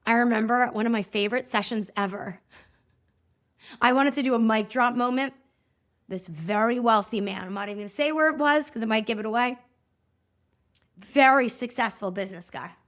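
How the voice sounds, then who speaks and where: A woman hosting a podcast, telling a story in a lively way and acting out both sides of the conversations. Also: on the high side, normal speed. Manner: animated, acts out both sides of dialogues. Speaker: podcast host and movement coach. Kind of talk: storytelling monologue.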